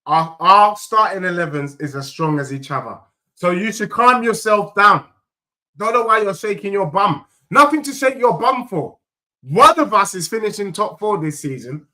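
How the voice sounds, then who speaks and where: A young man hosts a football fan stream, trading heated, teasing banter with viewers in rapid-fire bursts. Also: high voice, expressive, bright, forceful tone. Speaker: football fan channel host. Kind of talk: animated live fan chat reacting to viewers.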